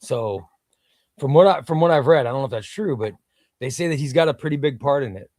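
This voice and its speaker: A man's voice: mid-range voice, expressive, brisk, a little mellow. A man chats casually on a comic book livestream from a room at home. His voice sits in a middle register and the sound is dry and close, with no room echo. He rambles, restarts his sentences and answers viewer comments as they come in. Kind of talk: casual live-stream chat.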